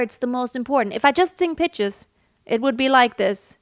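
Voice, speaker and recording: A woman's voice: high-pitched, expressive, normal speed, music in the background. A woman singing teacher explaining vocal technique in an earnest, instructive way. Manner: earnest, instructive, sings examples between explanations.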